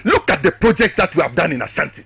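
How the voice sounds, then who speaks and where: Ghanaian man, heated talk-show guest; rapid, sharp, slightly raspy delivery full of rhetorical questions. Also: fairly high pitch, very animated, no echo. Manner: impassioned, hammering rhetorical questions. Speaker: political guest.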